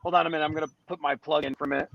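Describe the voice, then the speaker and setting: A man with a high voice tells a story in a loose, rambling way, stumbling into restarts as he goes. The sound is muffled and lo-fi, and he is outdoors near a city street. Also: fairly even intonation, very fast, vocal fry. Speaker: podcast guest. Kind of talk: casual storytelling.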